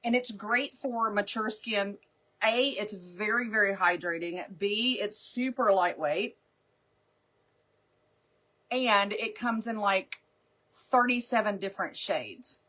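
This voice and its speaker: A woman's voice: medium pitch, slow, pushed and bright. A woman hosting a live makeup stream, chatting casually and rambling through stories with frequent laughter. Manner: rambling, chatty storyteller who laughs often.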